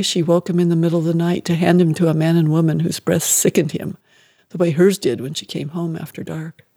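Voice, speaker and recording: A man reading an audiobook in a measured, dramatic way that drops to a quiet, hushed tone. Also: on the high side, creaky, no room sound, clean studio sound. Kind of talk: scripted audiobook narration.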